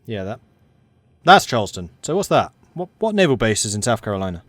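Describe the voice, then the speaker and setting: A man's voice: fairly low pitch, very animated, a little fast, a bit bright, dry recording, clean studio sound. A man giving casual commentary on a strategy game, thinking aloud and correcting himself as he goes. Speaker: game streamer.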